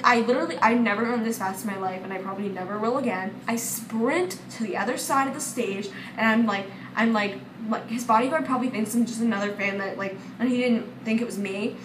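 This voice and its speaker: A teenage girl vlogger telling a long story in a casual, rambling way, full of "like" fillers and getting excited. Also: a little high. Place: indoor room with air conditioning. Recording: echoey room, far from mic, faint hum. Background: faint air conditioning hum.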